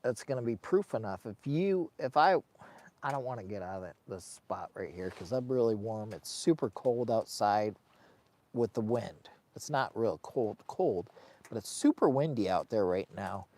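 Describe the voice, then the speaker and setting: Sheltering in a heated tent on a cold, windy day, a middle-aged man who vlogs about camping talks casually and with feeling to his livestream. His voice sits on the low side, a little mellow and expressive, at a moderate pace, and his chat wanders in a loose, colloquial, emotional way.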